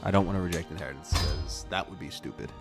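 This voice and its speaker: A young man casually commenting on his own strategy game, muttering to himself and flaring up to yell at his units. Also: deep voice, fast. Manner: talks to himself, flares up yelling at his units. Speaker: streamer playing a strategy game. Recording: game music underneath. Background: game music.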